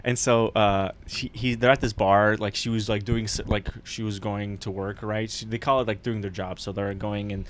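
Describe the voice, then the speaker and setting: A man's voice: fairly low pitch, flat delivery, moderate pace, hardly any pauses, slight background noise. A man on a podcast, casually retelling a show's plot in a rambling way, acting out the characters' lines and laughing often. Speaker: podcast co-host.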